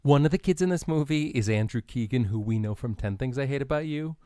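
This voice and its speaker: A man's voice: mid-range voice, quick pace, no echo, studio quality. An American man co-hosting a podcast in casual chat, joking and retelling stories with lots of ums and uhs. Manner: joking, animated storyteller with many fillers. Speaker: podcast co-host.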